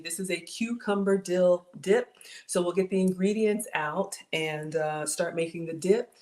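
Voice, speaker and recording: A woman hosts a casual cooking livestream as a home cook, chatty and bubbly, often laughing as she reads viewer comments aloud. Her voice is lowish with a darkish tone.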